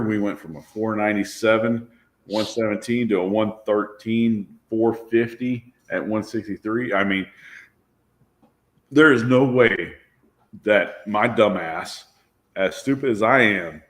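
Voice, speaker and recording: A man's voice: on the low side, measured pace, a bit bright. Self-mocking man telling a race-car story. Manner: self-deprecating, laughing, swears freely. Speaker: drag racer and car owner, guest. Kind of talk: casual storytelling.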